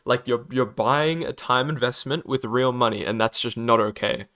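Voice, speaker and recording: A man's voice: medium pitch, steady tone, normal speed, a bit bright. A young man giving an unscripted opinion vlog about a game, hesitant and apologetic, stammering often and using many fillers. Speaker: gaming YouTuber.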